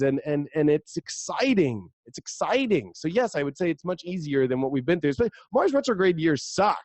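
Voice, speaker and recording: A man speaking as a guest astrologer in a casual podcast chat, energetic and rambling, now and then slipping into playful voices. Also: on the high side, brisk, hardly any pauses, dry recording.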